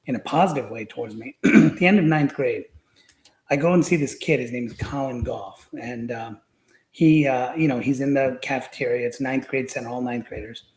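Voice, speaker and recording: Guy rambling through old school stories on a podcast, lots of "you know"s, middle pitch, sounds like an echoey room. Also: normal speed, a little mellow. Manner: rambling, many fillers and restarts. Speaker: podcast guest. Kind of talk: casual storytelling.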